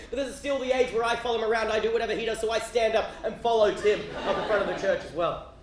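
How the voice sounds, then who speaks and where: An Australian comedian with a notably high, light voice rattles through a wild personal story at a brisk clip. He is animated and often breaks into laughing shouts. His voice echoes through a roomy live venue with faint ambience behind it. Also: a little hiss or hum. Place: live theatre stage.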